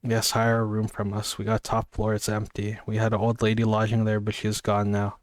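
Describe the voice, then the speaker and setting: A man's voice: lowish voice, completely flat delivery, a little fast, dry recording, studio quality. A man casually reading a novel aloud, sleepy and yawning, stumbling over words and apologizing. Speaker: amateur reader.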